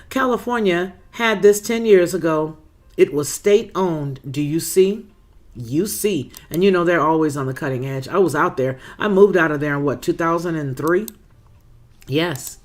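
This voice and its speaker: A woman's voice: low voice, normal speed. Chatty, folksy woman hosting a livestream. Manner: chatty and folksy, with swooping, animated greetings; talks to viewers as girl, baby and boo-boo. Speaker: livestream host. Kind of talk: casual livestream chat, reading viewer comments aloud.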